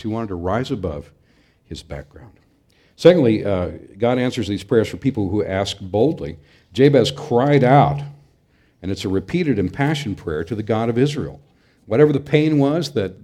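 A man's voice: fairly low pitch, dark tone. A middle-aged man preaching a sermon in an earnest, emphatic way, sometimes restarting his phrases. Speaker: pastor.

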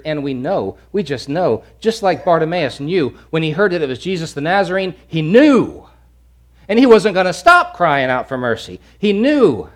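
A preacher from Louisiana delivers an animated sermon with emphatic repetitions. His voice sits a touch high for a man and swings widely in pitch. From Louisiana, USA.

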